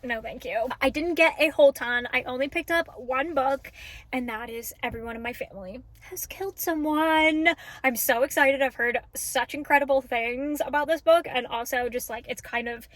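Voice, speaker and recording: A young woman chatting casually in a book vlog, gushing and excitable, full of "like" and "oh my God". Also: sits high, normal speed. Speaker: book vlogger.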